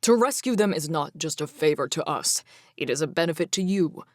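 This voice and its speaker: In an audiobook fantasy reading, a woman voices a proud male Fae king spitting out furious, formal accusations, fierce throughout. Her low, darkish voice is brisk with lively intonation, recorded studio-clean with no echo.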